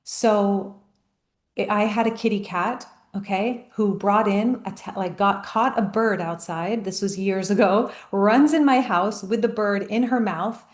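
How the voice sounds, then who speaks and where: A woman life coach giving a motivational talk, emphatic and storytelling, slowing down on key phrases. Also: mid-range voice, reverberant.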